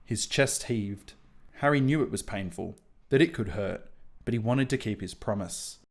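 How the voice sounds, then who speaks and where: A man reading out fan fiction with amusement and wry asides in between. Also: on the low side. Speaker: reader of AI-written fan fiction. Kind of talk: comedic dramatic reading.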